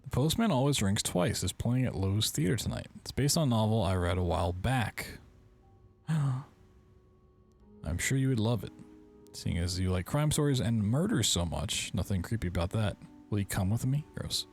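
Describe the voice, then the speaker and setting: A man's voice: fairly low pitch, expressive, normal speed, creaky, soft background music. A man hosting a game playthrough, reading in-game letters aloud and breaking off with wry, joking asides. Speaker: gaming video host.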